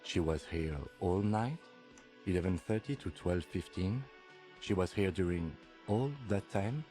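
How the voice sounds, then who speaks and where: An actor playing a hard-bitten, insistent dockworker in a video game. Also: male voice, low voice, expressive, unhurried, warm tone, faint music behind.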